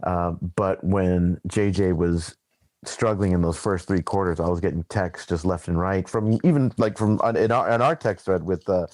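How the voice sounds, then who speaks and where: A man's voice: deep voice, normal speed, a little mellow, dry recording. A man co-hosting a podcast in casual chat, telling a rambling, loose story. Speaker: podcast co-host.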